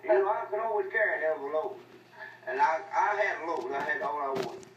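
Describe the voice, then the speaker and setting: Older guy from arkansas rambling thru old hunting yarns, highish bright voice, echoey room, mic kinda far. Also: fast, dull audio, slight background noise. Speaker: storyteller. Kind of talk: rambling folksy storytelling.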